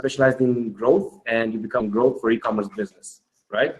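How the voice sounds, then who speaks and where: A man's voice: medium pitch, steady tone, brisk, lo-fi sound. A man with a Russian accent opens a webinar. He is eager and informal as a host, with a mid-range voice. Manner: enthusiastic, informal. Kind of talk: hosting a webinar.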